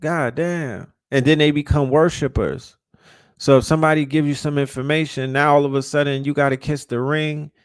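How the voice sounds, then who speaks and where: A man's voice: on the high side, fairly even intonation, moderate pace, clean tone, dry recording, clean studio sound. Heated, profane man ranting. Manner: repeats and restarts words when fired up. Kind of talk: casual rant.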